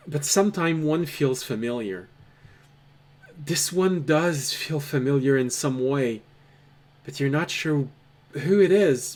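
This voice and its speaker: Man, game master, narrating a tabletop game, dramatic, very slow delivery. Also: medium pitch, darkish tone. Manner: slow, measured, dramatic storytelling.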